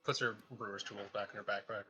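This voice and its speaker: A man playing a tabletop game, making quick joking asides and narrating his character's actions. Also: lowish voice, level tone, muffled recording, music in the background. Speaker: player. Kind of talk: casual tabletop game chat.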